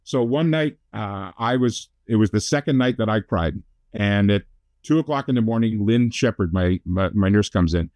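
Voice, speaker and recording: Speaking in a fairly low voice with a darkish tone, a middle-aged Canadian motivational speaker shares his life story as a talk-show guest. He pokes fun at himself and tosses in quick asides, and the recording is dry.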